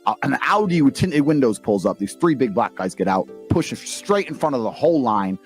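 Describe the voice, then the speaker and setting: A man's voice: mid-range voice, big pitch swings, fairly quick, faint music behind. A middle-aged man with an English accent, a former fighter telling stories in casual chat, blunt and profane. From England. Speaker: podcast guest, former kickboxer.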